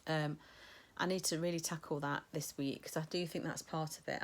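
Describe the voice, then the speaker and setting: Middle-aged woman, vlogger, low-ish voice, casual rambling chat. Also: fairly even intonation, normal speed, few pauses. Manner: chatty, rambling, many ums. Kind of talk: casual weight-loss vlog chat.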